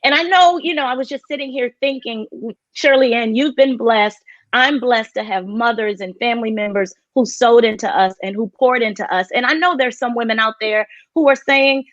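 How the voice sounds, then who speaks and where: A bright-voiced woman moderates a virtual town hall on a video call, upbeat and affirming as she moves the program along. Her audio is dry and slightly dull, as if from a basic lo-fi connection. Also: on the high side. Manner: upbeat, affirming, quick to laugh.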